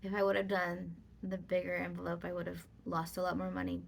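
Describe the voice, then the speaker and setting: A woman's voice: lowish voice, completely flat delivery, fairly quick, creaky. A woman vlogger telling a personal story in casual, rambling talk with many fillers.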